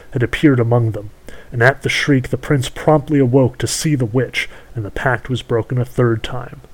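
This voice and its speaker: A man reading a long fairy tale aloud in measured, unhurried storybook narration. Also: medium pitch, a little mellow, rough recording.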